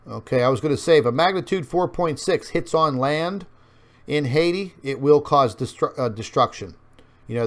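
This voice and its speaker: A man hosting an online show, talking viewers through on-screen maps in a rambling way with many fillers, and addressing them as folks. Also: a little high. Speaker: online news show host. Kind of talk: casual commentary over on-screen maps.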